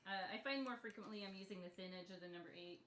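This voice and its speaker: A woman's voice: mid-range voice, fast talker, a bit bright, slight background noise. A woman teaching a step-by-step painting lesson in a casual, chatty way, laughing often. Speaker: painting instructor. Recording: echoey room.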